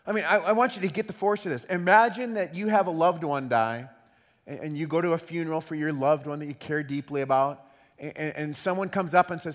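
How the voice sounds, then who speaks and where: A man preaching a sermon in an animated way, repeating words as he acts out quotes. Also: on the high side, brisk. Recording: long hall reverb.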